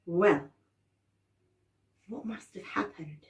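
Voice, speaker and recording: A woman drama teacher telling a children's story with animated expression and dramatic gasps, prompting her class to join in. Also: medium pitch, moderate pace, pauses often, far from the mic.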